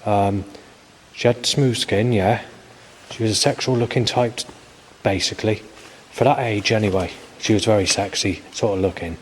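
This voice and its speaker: This man's voice is on the low side, with a steady tone and moderate pace. He's a vlogger in his forties recording a rambling video diary, hesitant and full of fillers, with frequent swearing and faint noise in the background.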